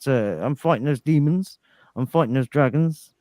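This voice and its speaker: An English man on a podcast, rambling through crude banter with lots of halting restarts. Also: medium pitch, lively intonation, a little mellow, dry recording. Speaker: podcast guest.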